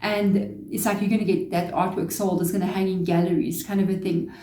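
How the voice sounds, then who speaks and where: Mellow-voiced woman reading tarot. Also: lowish voice, little pitch movement, roomy sound. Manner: chatty, relaying spirit messages, quick laughs. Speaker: tarot reader. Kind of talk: casual tarot reading to camera.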